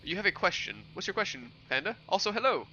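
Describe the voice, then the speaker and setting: A man's voice: sits high, sing-song, fast, bright, forceful tone, highs cut off, a little hiss or hum. A young man from New York chatting casually with viewers while streaming a game, rambling and answering questions. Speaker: gaming streamer. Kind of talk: casual livestream chat while playing.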